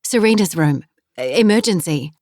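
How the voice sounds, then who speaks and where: A divorced middle-aged mother, voiced by a woman narrating an audiobook, strained with worry over her daughter. She speaks in tense, clipped phrases, in a slightly low voice. The sound is close and dry. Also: lively intonation, normal speed, a little mellow, no echo.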